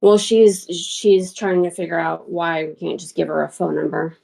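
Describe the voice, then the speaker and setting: A woman's voice: lowish voice, steady tone, normal speed, gravelly, darkish tone. A woman working behind the scenes on a show, relaying updates in a matter-of-fact way. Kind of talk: casual off-mic chat.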